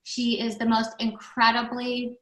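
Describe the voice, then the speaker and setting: A woman's voice: on the high side, monotone, unhurried, noisy background. A middle-aged woman being interviewed about her recovery center, telling stories bluntly and animatedly, with frequent restarts. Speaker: guest, recovery center founder. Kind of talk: casual podcast interview. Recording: echoey room.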